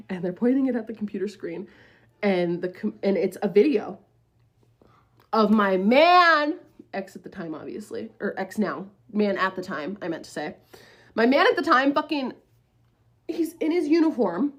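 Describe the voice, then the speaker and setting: A woman in her twenties telling a story casually to the camera, profane and rambling, with lots of fillers. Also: mid-range voice.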